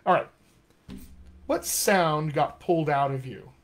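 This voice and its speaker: Energetic American dialect coach. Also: male voice, fairly high pitch, measured pace. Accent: General American. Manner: energetic, emphatic teacher, thinks aloud. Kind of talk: live-streamed accent lesson. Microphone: webcam or phone mic.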